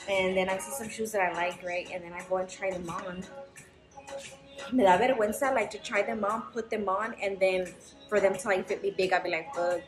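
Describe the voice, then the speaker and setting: A woman's voice: mid-range voice, steady tone, brisk. A young woman chatting frankly to camera in a vlog, swearing freely as she tells her story. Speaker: vlogger. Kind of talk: casual chat to camera. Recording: roomy echo with background music.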